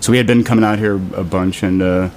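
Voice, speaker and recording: Fast-talking deep-voiced male guest. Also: a little hiss or hum. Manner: relaxed, rambling, says "you know" often. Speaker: guest, cinema co-founder. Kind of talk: casual interview answers.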